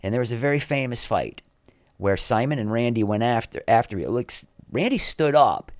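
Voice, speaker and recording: A middle-aged man telling anecdotes in a casual interview as a podcast guest, lively, with quick asides. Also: medium pitch, dry recording, studio quality. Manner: animated anecdotes, quick asides, acts out quoted people.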